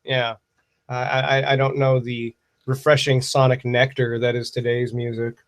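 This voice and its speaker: A man hosts a loose livestream Q&A, with a wry, rambling delivery full of swearing. His voice sits at an ordinary middle pitch. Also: little pitch movement, normal speed. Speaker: livestream host answering viewer questions. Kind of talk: casual livestream chat.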